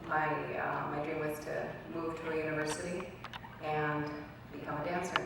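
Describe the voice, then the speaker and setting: A young woman with a low-pitched voice gives a personal speech as a guest speaker in a college event hall. She tells her story earnestly and acts out quoted dialogue. The recording is from far off in a very echoey hall, with background noise.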